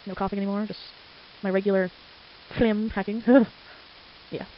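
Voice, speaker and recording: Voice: mid-range voice, flat delivery, normal speed. A teenager with a stuffy, congested nose, chatting and rambling casually while drawing at home late at night. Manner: chatty, rambling, easily sidetracked. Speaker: amateur artist. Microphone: desktop microphone. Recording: lo-fi with faint hiss.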